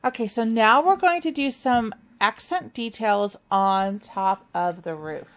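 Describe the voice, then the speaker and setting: A woman's voice: fairly high pitch, a little slow, few pauses, a bit bright, faint music behind. A woman leading a machine embroidery tutorial, chatty and enthusiastic as she walks viewers through each step. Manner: upbeat, chatty, enthusiastic about stitching. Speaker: sewing instructor.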